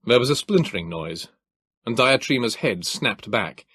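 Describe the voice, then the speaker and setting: A man narrating an audiobook in a measured, formal storytelling voice, recorded close on a studio mic. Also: medium pitch, lively intonation, a bit bright, slightly rough, no room sound.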